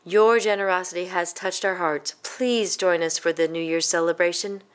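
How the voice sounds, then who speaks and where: A woman's voice: lowish voice, steady tone, moderate pace, natural voice. A woman voicing a formal, grateful father in a storybook, in close to her own voice.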